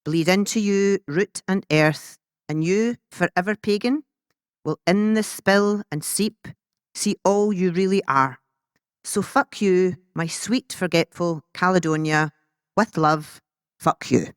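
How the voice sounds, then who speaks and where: Woman, low, slow spoken-word poet, defiant edge, dry close sound. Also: clean tone, no room sound. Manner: defiant, cutting, with sharp swearing. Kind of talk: spoken-word poetry performance.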